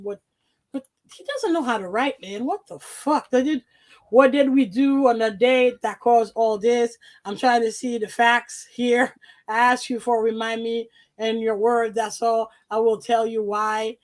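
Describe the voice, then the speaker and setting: A woman reading out her own emails on a podcast in a profane, animated way, laughing often. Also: a little high, unhurried.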